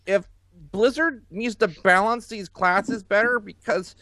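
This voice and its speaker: A woman's voice: medium pitch, measured pace, bright, forceful tone, no room sound. A woman putting on the voice of a whiny, nerdy forum poster with an inhaler. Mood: whining. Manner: nasal nerd voice with an inhaler.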